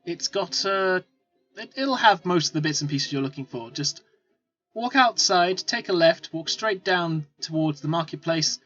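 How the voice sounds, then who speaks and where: A man's voice: on the high side, lively intonation, a little slow, fairly bright tone. A man doing a chatty innkeeper. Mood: helpful. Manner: helpful, rambling directions. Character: friendly male innkeeper. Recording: dull lo-fi recording with faint music.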